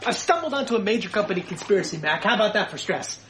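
An actor playing a frantic, paranoid male mailroom worker in a sitcom scene, ranting and shouting. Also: high-pitched, very animated, very fast, slight background noise, heavily acted.

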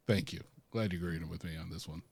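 A man's voice: low-pitched, steady tone, quick pace, vocal fry, a little mellow, breathy edge, dry recording. Laid-back man with a dry close voice. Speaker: podcast co-host. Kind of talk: casual pop culture chat.

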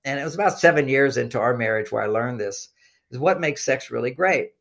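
A man's voice: mid-range voice, brisk, gravelly. A man who is a guest in a conversational interview, teaching through personal anecdotes and acting out remembered dialogue, often repeating his first words as he starts a sentence. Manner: animated storyteller who acts out quoted dialogue. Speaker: relationship author and podcast guest.

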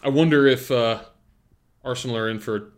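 Young man, animated sports banter. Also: mid-range voice, normal speed. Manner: animated, stumbling restarts, asks questions. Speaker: podcast co-host. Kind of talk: casual sports chat.

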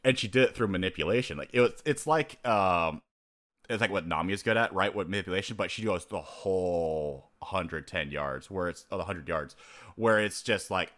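A man co-hosting a podcast speaks at a moderate pace with a low-pitched voice. The chat is casual and animated, with him acting out characters and his reactions and laughing a lot.

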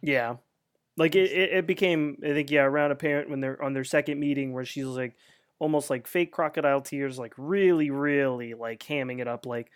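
A man's voice: mid-range voice, steady tone, moderate pace, smooth. A man co-hosting a podcast, chatting about a TV episode in a laid-back, joking, profane way. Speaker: podcast co-host. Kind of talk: casual chat recapping a TV episode.

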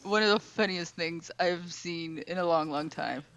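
A woman co-hosting a casual chat, tossing in quick joking asides. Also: lowish voice, crowd noise, low-quality recording. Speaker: podcast co-host. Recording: loud background noise.

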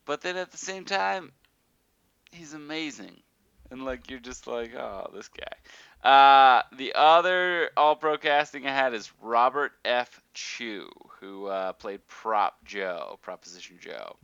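A man hosting a casual podcast chat, animated and rambling with lots of fillers. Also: mid-range voice, slow pace, smooth, no echo, highs cut off. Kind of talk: casual chat about a TV show.

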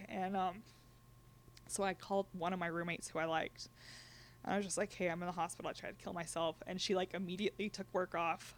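A woman's voice: fairly low pitch, a little fast. Young woman telling a personal story. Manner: laughs between lines, quotes others in lively voices. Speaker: guest sharing a personal story. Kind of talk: candid conversational storytelling.

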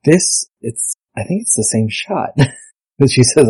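A man's voice: medium pitch, lively intonation, slow, darkish tone, husky, no room sound, rough recording. A man hosting a podcast, chatting casually with wry, laughing asides. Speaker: podcast host. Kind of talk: casual chat.

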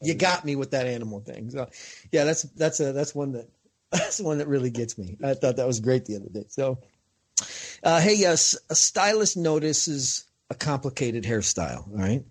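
A man hosting a casual interview, telling stories in an animated way and laughing as he goes. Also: mid-range voice, moderate pace, breathy edge. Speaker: podcast host.

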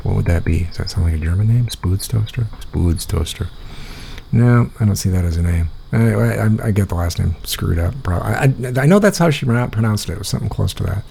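A Midwestern American man hosts a loose, casual chat, rambling as he thinks aloud. His low voice is gravelly and husky, with a dark, mellow tone. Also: lively intonation, fast, few pauses, slight background noise. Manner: rambling, thinking aloud while searching online. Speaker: podcast host.

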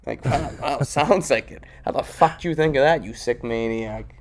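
A man's voice: mid-range voice, moderate pace. A man trades crude stories in loose, profane banter. He laughs often and swears freely in a casual back-and-forth.

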